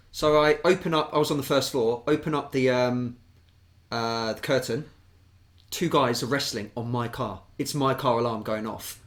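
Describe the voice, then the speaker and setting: British man, podcast co-host, lively storyteller, swears freely, mid pitch. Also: moderate pace. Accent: British English. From England. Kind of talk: casual storytelling chat.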